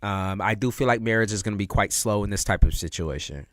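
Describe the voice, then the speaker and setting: A man's voice: fairly low pitch, quick pace, fairly bright tone, dry recording, clean studio sound. A man giving a casual livestream tarot reading, talking in slang, with lots of expression and frequent laughs. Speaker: tarot reader.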